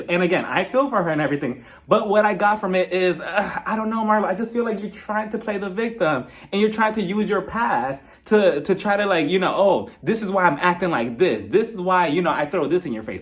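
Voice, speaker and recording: A man giving a casual, rambling recap of a reality TV reunion. He is sarcastic and animated, peppers his talk with "like" and "you know," and jumps up in pitch for emphasis. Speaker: reality TV reviewer.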